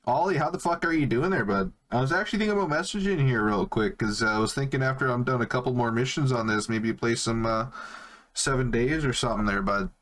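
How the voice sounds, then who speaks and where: Talking fast in a mid-range, slightly bright voice, a young gamer keeps up relaxed live-stream chatter with his viewers while he plays. He's easygoing and curses freely.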